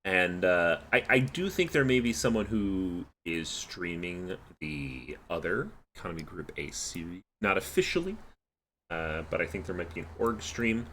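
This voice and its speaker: A man's voice: low voice, animated, moderate pace, fairly bright tone, slight background noise. A man casting a live esports match, calling the plays and then chatting casually and wearily with his co-caster. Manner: tired, casual, yawning. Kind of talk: live esports play-by-play and chat.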